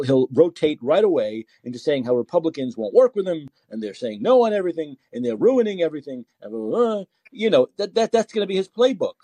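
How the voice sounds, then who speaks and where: Husky older man ranting sarcastically. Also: medium pitch, mellow, no echo. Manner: sarcastic, exasperated, repeats himself. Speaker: podcast host. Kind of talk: political call-in podcast rant.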